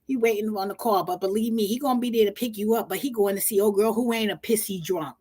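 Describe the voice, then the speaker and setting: A woman's voice: medium pitch, quick pace, mellow, husky. A woman hosting, casual and profane, giving blunt advice. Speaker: podcast host. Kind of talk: casual commentary.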